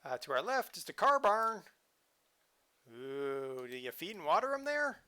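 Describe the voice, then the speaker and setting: A man's voice: high-pitched, very animated, measured pace, sharp tone. A man hosting a live game stream, chatting casually and joking around as he plays. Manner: playful, jokey, chatty. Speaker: livestream host.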